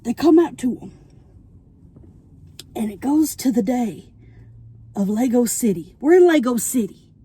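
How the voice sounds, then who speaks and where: High-voiced woman vlogging from her car. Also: measured pace, long pauses, slightly rough. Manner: animated storytelling, keeps checking in with "okay?" and "right?"; talking while eating. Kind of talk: casual movie plot recap. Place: parked car.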